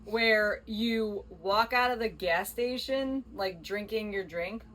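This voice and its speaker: A woman's voice: medium pitch, slow, fairly bright tone, a little hiss or hum. A woman co-hosting a podcast in casual chat, rambling and self-deprecating with jokes. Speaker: podcast co-host.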